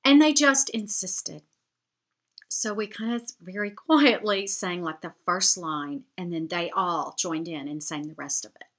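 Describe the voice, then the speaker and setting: A woman's voice: fairly low pitch, a little slow. A woman, chatting to camera as she tells a heartfelt story. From United States. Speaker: vlogger.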